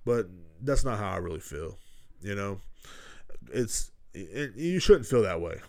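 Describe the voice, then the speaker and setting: Low-voiced rambling podcast guy. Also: expressive, unhurried. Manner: rambling and heavily profane, with constant "you know what I'm saying". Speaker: podcast host. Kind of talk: casual solo podcast talk.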